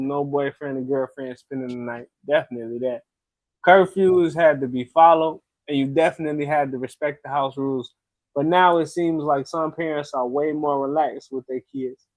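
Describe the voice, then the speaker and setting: A man's voice: on the high side, no echo, poor audio. A man hosting a casual podcast chat, teasing his co-hosts and reading a listener letter aloud. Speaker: podcast host.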